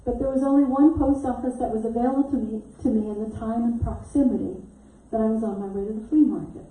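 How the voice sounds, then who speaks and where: A middle-aged woman preaching in an echoey church hall, her voice mellow and dark in tone, a little higher than most. She tells her story lively, acting out each voice in it and laughing along, heard from some distance off the mic. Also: fast. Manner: animated storyteller who acts out quotes and laughs often. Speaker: minister. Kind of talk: storytelling sermon. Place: church sanctuary.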